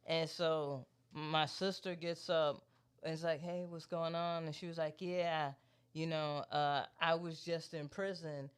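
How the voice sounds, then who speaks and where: A man co-hosting a podcast, telling a story in a loose, profane, animated way and quoting the people in it. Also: fairly high pitch, measured pace, clean tone. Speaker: podcast co-host. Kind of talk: casual chat, storytelling.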